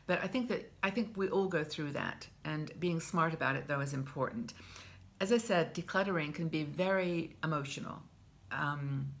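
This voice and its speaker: A woman in her sixties speaks straight to camera as a vlog host, giving casual advice in a chatty, heartfelt way and often restarting phrases. Her voice is low and a bit bright, with a gravelly touch of fry.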